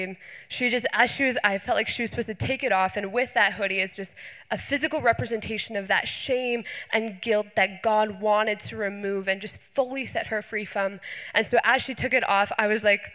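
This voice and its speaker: An earnest young woman with a bright, forceful voice speaks to her church as youth pastor, sharing testimonies with excited energy and casual fillers. Her words ring out in a hall with a long, lingering reverb. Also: medium pitch, fairly quick. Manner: earnest, enthusiastic, many fillers.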